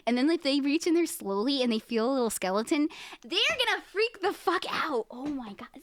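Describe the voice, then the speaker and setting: A woman's voice: high voice, sing-song, fairly quick. A woman streaming and chatting casually with her viewers, rambling and giggling as she talks to chat.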